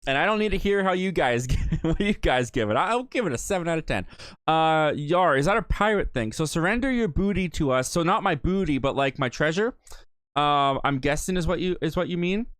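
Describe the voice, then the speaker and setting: A man's voice: a little high, expressive, fairly quick, a bit bright, clear, resonant tone, dry recording. Chatty man hosting a live stream. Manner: chatty, rambling, frequent fillers and self-corrections. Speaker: live stream host reading chat. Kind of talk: casual live Q&A chat.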